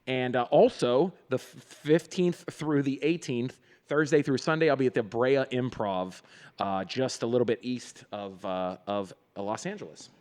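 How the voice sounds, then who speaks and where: A man's voice: medium pitch, normal speed, a little mellow. A man, a comedian co-hosting a casual podcast, joking and rambling with plenty of fillers as he lists his upcoming shows. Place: studio room in a comedy theater.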